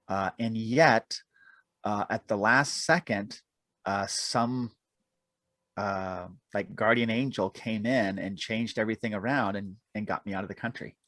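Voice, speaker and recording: A man's voice: fairly low pitch, a bit bright, no room sound. A man being interviewed on a podcast, telling long self-deprecating stories and laughing often. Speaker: guest, aerial cameraman and author.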